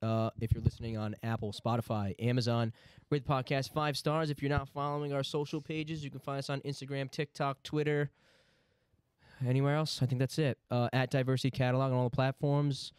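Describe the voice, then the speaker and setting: A man's voice: mid-range voice, a little fast, clear, resonant tone, no echo. A young man hosting a casual podcast, opening the episode and reading out the plugs. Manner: relaxed, reads out the show's plugs. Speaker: podcast host. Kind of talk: casual chat.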